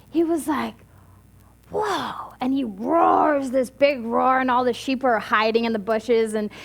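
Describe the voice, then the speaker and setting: A woman minister giving a Sunday talk, telling a story in a chatty, halting way with many restarts. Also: on the high side. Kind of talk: sermon with storytelling.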